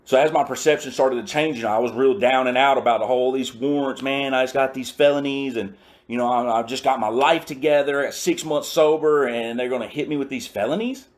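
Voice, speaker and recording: A man's voice: medium pitch, brisk. A man giving a personal recovery testimony in a casual, slangy, emphatic storytelling way. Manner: emphatic and repetitive.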